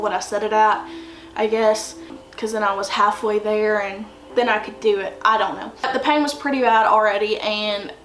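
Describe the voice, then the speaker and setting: A young woman tells a personal story in a loose, rambling way, leaning on fillers as she goes. Her voice sits a little high. The sound is roomy and echoey, picked up by a mic some way off. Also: fairly bright tone. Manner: chatty, rambling with many fillers. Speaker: vlogger. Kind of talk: casual storytelling. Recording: roomy echo, distant from mic, faint noise.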